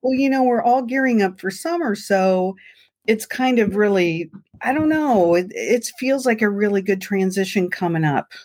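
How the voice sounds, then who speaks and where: A woman co-hosts a podcast, chatting casually and telling stories as an enthusiastic, animated storyteller. Her voice sits at a medium pitch and moves at a normal speed.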